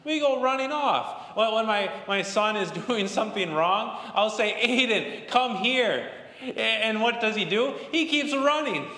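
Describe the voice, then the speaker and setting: A man in his thirties, a pastor giving a gentle children's chapel devotion in a storytelling way, with halting restarts. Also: sits high, expressive. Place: church chapel. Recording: roomy chapel with long reverb.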